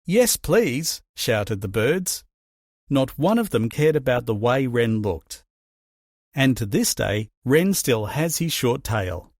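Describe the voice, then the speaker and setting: Slow, expressive man reading a storybook. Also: mid-range voice, no room sound, clean studio sound. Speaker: narrator.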